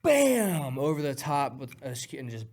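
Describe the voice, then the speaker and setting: A man recounting a fight on a podcast, voice in a middle register. He talks in an excitable, profane rush and punctuates the action with punchy sound words. He sounds casual and unfiltered. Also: medium pitch, brisk. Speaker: guest fighter. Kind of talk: animated storytelling.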